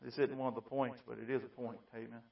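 A man preaching a fiery sermon, moving between quiet pleading and loud shouting. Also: medium pitch, little pitch movement, fast, creaky. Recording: distant, dull lo-fi mic.

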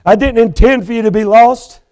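A male preacher voicing Jesus, speaking softly and with sorrow in a sermon. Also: extremely high pitch, brisk. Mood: sorrowful.

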